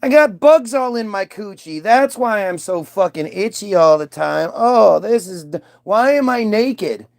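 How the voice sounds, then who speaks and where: A simple-minded, whiny cavewoman Eve, as a man puts her on in a comic bit. She talks in broken baby-talk, pitched up high, with a rough, gravelly edge and a dry, close sound. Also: expressive, measured pace, hardly any pauses, no room sound, heavily acted. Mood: shocked.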